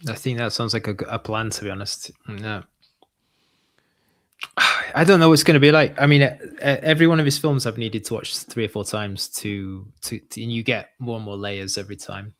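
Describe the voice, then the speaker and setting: A man's voice: lowish voice, brisk, fairly bright tone. A man co-hosting a casual literary discussion, chatty and full of anecdotes, often restarting his sentences. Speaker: podcast co-host.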